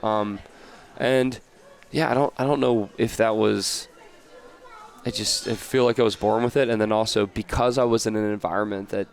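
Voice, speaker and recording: Male guest, from the US, lowish voice, loose and meandering delivery. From United States. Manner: rambling, many fillers and restarts. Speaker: podcast guest, entrepreneur. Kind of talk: casual interview chat.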